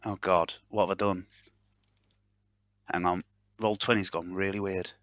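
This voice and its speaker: A man's voice: low voice, flat delivery, unhurried, fairly bright tone, no room sound. A man playing a tabletop game, muttering to himself as he rolls dice. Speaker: player. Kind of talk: casual tabletop play.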